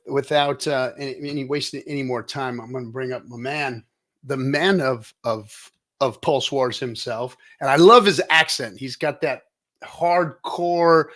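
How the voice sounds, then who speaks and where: A middle-aged American man with a voice pitched a bit higher than most men runs a casual live-stream chat. He rambles with plenty of fillers and restarts, jokes around and hypes up his guest. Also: a bit bright. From United States. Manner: jokey and hyped. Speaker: show host.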